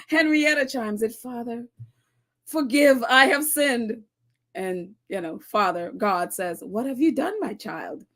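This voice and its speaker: A woman's voice: a little high, animated, slow pace, fairly bright tone. A woman hosting a casual commentary show, reading viewer comments aloud and laughing often as she talks. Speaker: commentary channel host.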